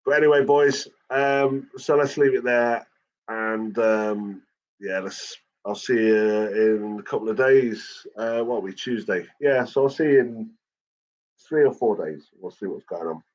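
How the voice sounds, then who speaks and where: Talking with his viewers on a stream, this man rambles and cusses a lot, padding pauses with "um" and "like." He speaks unhurriedly in a fairly low voice, and the highs are cut off.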